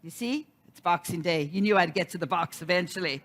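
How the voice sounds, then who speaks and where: A woman's voice: on the low side, fairly quick, fairly bright tone. A middle-aged woman giving a sermon, telling a personal story and acting out the quoted voices. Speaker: minister.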